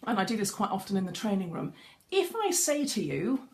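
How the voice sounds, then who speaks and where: A woman's voice: medium pitch, very animated, a little fast, a little mellow. A middle-aged woman giving a chatty live-streamed lesson as a voice coach, greeting viewers as she goes. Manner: chatty, greets viewers mid-talk, frequent restarts. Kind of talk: facebook live coaching talk. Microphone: webcam or phone on a live stream.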